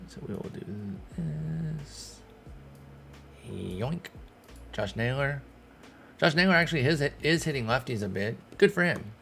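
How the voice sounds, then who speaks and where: A man's voice: mid-range voice, animated, brisk, a bit bright, faint music behind. A man, thinking aloud in casual commentary as he manages a baseball team in a video game. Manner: thinking aloud, talking to himself and the players. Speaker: gaming streamer. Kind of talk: casual let's-play commentary.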